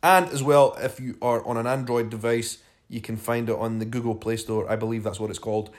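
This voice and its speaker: A man's voice: mid-range voice, steady tone, brisk. A man from Scotland with an Edinburgh accent, hosting his podcast and telling a personal story in a casual, chatty way. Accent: Scottish, Edinburgh. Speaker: podcast host.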